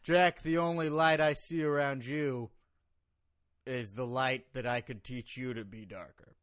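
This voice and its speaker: A man impersonating a brooding male wrestling villain, talking slowly and deliberately, with a forced low voice and a lisp. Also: fairly even intonation, fairly bright tone, no echo, studio quality, natural voice. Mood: menacing.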